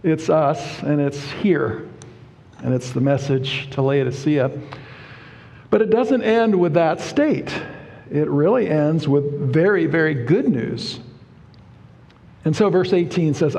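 A man preaching a sermon, explaining Bible verses word by word in a deliberate, emphatic way. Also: on the high side, animated, creaky, darkish tone. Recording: reverberant hall.

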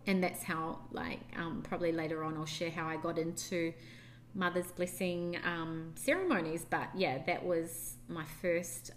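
A woman's voice: lowish voice, steady tone, measured pace, slight background noise. A young woman co-hosting a podcast, telling a personal story in a chatty, rambling way with lots of fillers. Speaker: podcast co-host. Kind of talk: casual storytelling chat.

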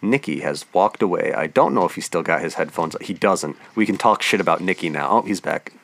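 A young man chatting on a casual podcast with a fairly low voice. He is blunt and swears freely, tossing out jokes and harsh opinions. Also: expressive, fairly quick, vocal fry, a bit bright. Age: young adult. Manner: blunt, profane, joking. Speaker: podcast co-host and editor. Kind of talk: casual chat.

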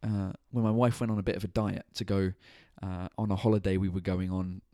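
A tired man hosts his own podcast and livestream from his kitchen at night, rambling casually and swearing freely in easy chat. His voice is low and warm with a level tone, and he talks fairly quickly. The recording is studio quality with no echo.

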